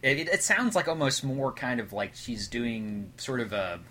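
A man's voice: medium pitch, sing-song, moderate pace, pushed and bright. A man co-hosting a podcast, talking casually about an old film with many restarts and fillers. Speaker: podcast co-host. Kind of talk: casual movie discussion.

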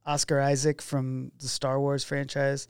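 A man speaking at an ordinary pitch tells a story to a podcast host, slipping into other people's voices as he quotes them. His tone is gravelly with a light creak. The sound is dry and close-miked with no room around it. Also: unhurried, no echo. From Oregon. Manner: animated storyteller who acts out quoted dialogue. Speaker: documentary filmmaker guest. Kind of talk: casual storytelling interview.

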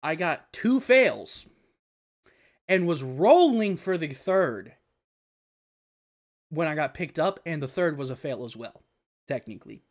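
A man's voice: fairly high pitch, very animated, unhurried, long pauses. A young man hosting a podcast in casual chat, rambling and swearing with lots of fillers. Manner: rambling and profane, with frequent fillers and laughter. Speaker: podcast host.

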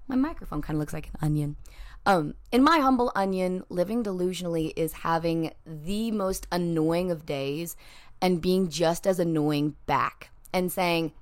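A young woman hosting her own podcast, talking straight to her listeners in a playful, animated monologue. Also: on the low side. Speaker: podcast host.

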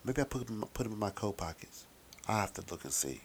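A man's voice: lowish voice, big pitch swings, fast, a little hiss or hum. A middle-aged man talking in a casual, rambling, wry monologue with some profanity.

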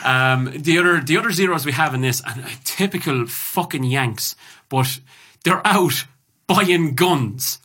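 A man's voice: on the high side, a little slow, breathy edge. An Irish man hosting a podcast, chatting casually and telling stories with plenty of swearing. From Ireland. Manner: sweary, animated storyteller. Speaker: podcast host.

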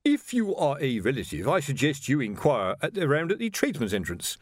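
A man reading a haughty butler with an icy, condescending tone. The voice stays close to the reader's own and sits in a middle pitch. It is read for an audiobook in a dry, close sound. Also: huge pitch swings, fairly quick, husky, dry recording.

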